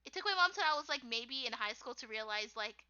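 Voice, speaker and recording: Giggly young American woman, bright high voice. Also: lively intonation, fast talker, smooth. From United States. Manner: giggly, rambling, lots of fillers. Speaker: artist streamer. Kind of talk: casual chat while drawing. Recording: dull lo-fi stream audio.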